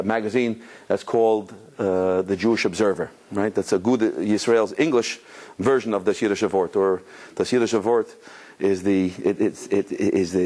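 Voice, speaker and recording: A rabbi with a fairly low voice delivers a Torah lecture to a live audience. He tells stories in a conversational way, often restarting his sentences and mixing Hebrew and Yiddish terms into his English. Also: darkish tone. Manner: storytelling with many restarts and quoted voices.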